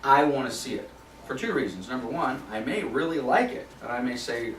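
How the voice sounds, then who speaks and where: A man's voice: mid-range voice, expressive, brisk, fairly bright tone. A man leading a property management training class in a conversational way, repeating key points for emphasis. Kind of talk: recorded training class for agents. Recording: echoey room from a distance.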